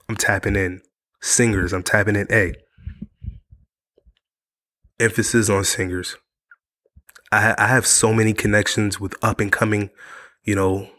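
Low, flat-voiced sick male podcast host. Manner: repetitive, earnest, motivational. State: sick and worn out. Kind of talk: casual monologue to camera. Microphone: studio mic.

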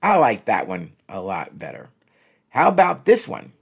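A man working as a relationship counselor, giving advice and acting out example phrases, repeating each one twice in an animated way. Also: fairly low pitch, unhurried, gravelly, slightly rough. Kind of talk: advice talk with spoken examples.

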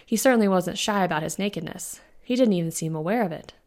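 A woman, the author, reading her own fantasy novella aloud in an even, unhurried storytelling manner. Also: lowish voice. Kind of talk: audiobook-style fiction narration.

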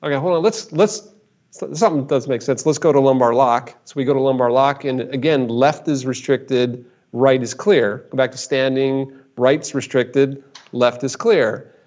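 A man telling an animated story as a guest expert in conversation. He often repeats words and acts out what people said. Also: mid-range voice, normal speed, hardly any pauses, muffled recording.

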